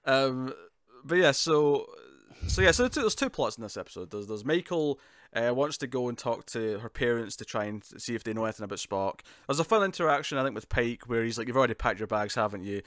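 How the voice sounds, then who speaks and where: A man's voice: medium pitch, expressive, a little fast, a bit bright, no room sound, studio quality. A man co-hosting a casual podcast review, talking with lots of laughs and repeated words. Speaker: podcast co-host.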